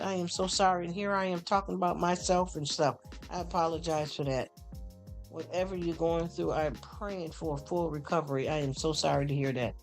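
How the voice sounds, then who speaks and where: Talking to his chat as honey and y'all, a man on a casual live stream rambles earnestly, stammering and repeating his words. His voice is on the high side and steady, moving a little fast, with faint background music.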